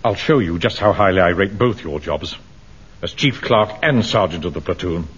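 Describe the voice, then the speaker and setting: An actor playing a pompous, self-important middle-aged bank manager who also commands a platoon, in a 1970s radio sitcom. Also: male voice, low-pitched, expressive, moderate pace, fairly bright tone, breathy edge, exaggerated voice. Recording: dull old radio recording with faint hiss.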